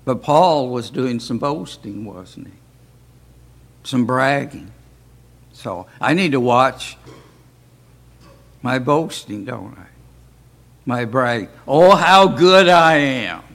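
Slow-spoken man leading a Bible study. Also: medium pitch, vocal fry. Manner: slow, folksy, asks rhetorical questions. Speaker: Bible class teacher. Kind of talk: informal Bible study talk.

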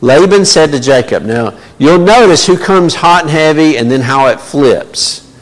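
A man's voice: fairly high pitch, animated, unhurried. A man teaching a Bible study in a conversational way, with many fillers and asides. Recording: long reverb of a large hall.

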